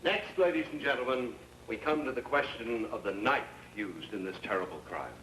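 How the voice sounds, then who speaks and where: An actor playing a confident defense lawyer making his closing argument, with measured, rhetorical questions. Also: medium pitch, fairly bright tone, slight background noise, close to an everyday voice, rough recording. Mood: persuasive. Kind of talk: 1960s TV courtroom drama.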